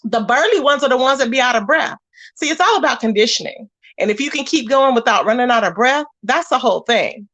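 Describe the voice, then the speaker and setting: A young woman hosting a casual livestream, chatting with viewers in a sassy, animated way and laughing easily. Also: a little high. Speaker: livestream host reading chat.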